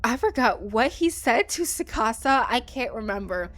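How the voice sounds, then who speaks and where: A woman's voice: moderate pace, soft background music. A woman hosting a let's play, telling a story in a chatty, casual way with lots of "like" and "um". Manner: chatty storytelling, lively jumps in pitch, frequent "like" and "um". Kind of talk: casual gaming commentary.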